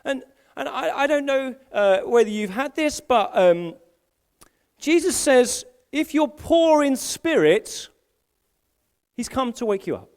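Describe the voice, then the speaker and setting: During a live sermon at a church service in a school hall, the middle-aged senior pastor shares stories full of self-deprecating humor, often starting over mid-thought. He speaks in a very high-pitched, animated voice, taking it slowly.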